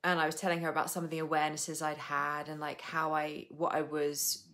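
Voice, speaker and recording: A young adult woman with a low voice, chatting casually to viewers on a live stream. She rambles and laughs a lot. She drops the odd swear word without fuss. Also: little pitch movement, brisk, a bit bright. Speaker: coach hosting a live stream.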